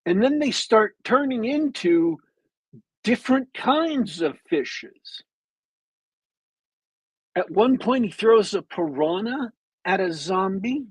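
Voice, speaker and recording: A man on a podcast with a bad cold, retelling a movie plot as a meandering, detailed storyteller with long pauses. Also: high-pitched, lively intonation, slightly rough, dry recording, rough recording. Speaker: podcast co-host.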